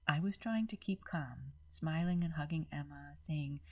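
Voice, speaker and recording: A woman storyteller with a husky voice, reading a first-person story steadily. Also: deep voice, moderate pace, few pauses, highs cut off. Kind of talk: scripted story narration.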